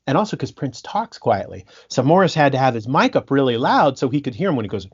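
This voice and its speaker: A man telling stories in a casual podcast interview, animated, laughing often and restarting his sentences. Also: mid-range voice, a little fast, breathy edge, dull audio. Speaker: guest musician and sound engineer.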